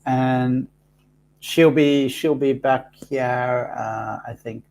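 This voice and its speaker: A soft-spoken man hosting a live card reading, talking slowly and haltingly with many pauses and fillers. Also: mid-range voice, fairly even intonation. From Africa. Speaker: host reading cards for live viewers.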